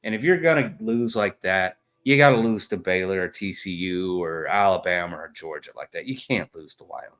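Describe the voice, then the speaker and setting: A man's voice: low voice, normal speed, hardly any pauses, a bit bright. A man, co-hosting a casual sports podcast, blunt and trash-talking with lots of fillers. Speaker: podcast co-host.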